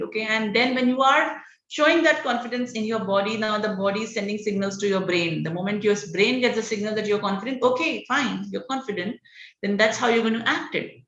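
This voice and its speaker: Upbeat woman trainer on a lo-fi call. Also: mid-range voice. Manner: energetic, encouraging, frequent "okay" and "all right" fillers. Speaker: public speaking trainer. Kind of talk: online training session. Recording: dull roomy lo-fi online call audio.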